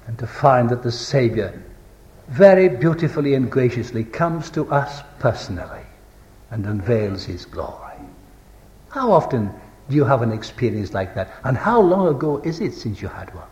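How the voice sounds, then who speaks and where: A man preaching a sermon, reciting scripture with stressed final words and asking the congregation rhetorical questions, moving between ringing declamation and hushed low tones. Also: big pitch swings, moderate pace. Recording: echoey hall.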